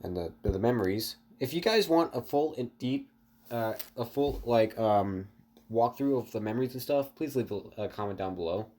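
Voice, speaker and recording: A man's voice: medium pitch, expressive, moderate pace, mellow. Rambling man telling a story. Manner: rambling, many fillers and restarts, talks to viewers. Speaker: online storyteller. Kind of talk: casual improvised story narration.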